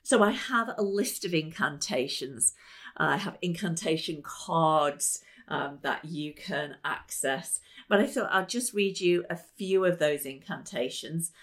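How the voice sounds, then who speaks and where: A woman hosting a podcast as a life coach, talking in an enthusiastic, emphatic and chatty way. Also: lowish voice. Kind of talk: motivational podcast talk.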